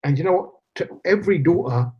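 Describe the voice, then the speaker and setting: A man's voice: fairly high pitch, lively intonation, fairly quick, slightly rough. A man, telling a personal story as a podcast guest, acting out quoted dialogue and slipping in Punjabi phrases. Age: 40s. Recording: slightly dull lo-fi podcast audio.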